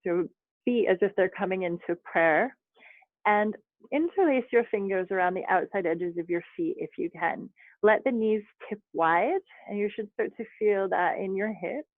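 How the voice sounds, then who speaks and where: A woman teaching yoga over a video call, guiding each pose with calm, chatty cues and small asides. Her voice sits at an ordinary middle pitch. The sound is narrow and phone-like, with a dry, close feel. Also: normal speed, no room sound. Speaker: yoga instructor.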